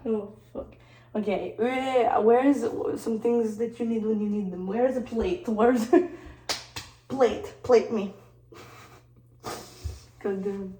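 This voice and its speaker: A woman's voice: on the high side, fairly even intonation, slow, pauses often, mellow. Brief: playful woman vlogger with a mixed, partly British-sounding accent, casual chat recorded from a distant camera in an echoey room. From Detroit. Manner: playful, laughs often, switches into French. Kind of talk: casual chat while working.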